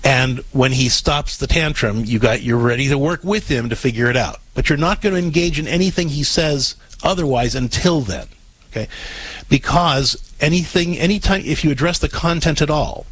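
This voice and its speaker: A man's voice: fairly high pitch, normal speed, a bit bright, slightly rough, poor audio. A man hosting a call-in advice show, coaching a caller in a direct, explaining way with frequent restarts. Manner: coaching, direct, repeats himself while explaining. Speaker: radio advice host.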